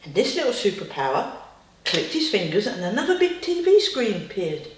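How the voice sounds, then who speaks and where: A woman telling a bedtime story to a child, with chatty, lively asides. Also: medium pitch, moderate pace, background noise. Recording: roomy, distant.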